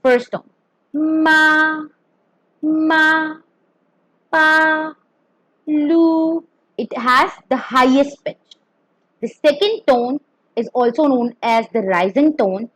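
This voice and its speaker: Woman teacher, slightly high voice, dry close recording, careful and deliberate delivery of a pinyin lesson. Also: animated, no echo, low-quality recording. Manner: careful, demonstrates tones. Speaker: Mandarin teacher.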